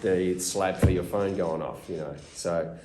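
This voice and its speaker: A man with an Australian accent, an actor telling casual behind-the-scenes anecdotes to fans at a convention meet-and-greet, animated and full of restarts. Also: sits low, a little slow, a loud crowd. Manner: animated storyteller, acts out quotes, many restarts. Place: small room at a fan convention. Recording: echoey room.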